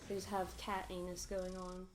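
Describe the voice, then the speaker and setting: A woman's voice: lowish voice, completely flat delivery, normal speed, music in the background. A woman giving casual, rambling, sarcastic commentary over a video game playthrough, laughing often. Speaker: let's play commentator.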